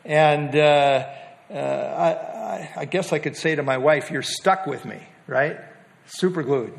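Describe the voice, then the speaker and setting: An older man gives a casual teaching on a Bible passage, his voice a little high and gravelly. He speaks in a folksy, halting manner with light humor, often pausing to restart his sentences.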